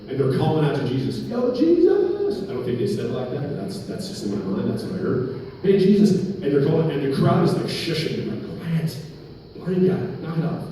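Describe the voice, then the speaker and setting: A man's voice: medium pitch, mellow, a little hiss or hum. A male pastor preaching a sermon, emphatic and dropping joking asides. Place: hall at a men's breakfast. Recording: echoey hall, from far off.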